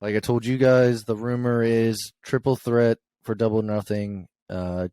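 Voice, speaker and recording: A man's voice: medium pitch, flat delivery, normal speed, dark tone, clean tone, dry recording. A young man co-hosting a podcast, casually recapping wrestling shows with lots of fillers and chuckles. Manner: rambling recap with many fillers and laughs.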